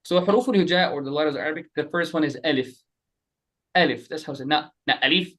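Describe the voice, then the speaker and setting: A man teaching an online group class, animated and repeating letters slowly for his students. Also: a little high. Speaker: Quran recitation teacher. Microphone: webcam.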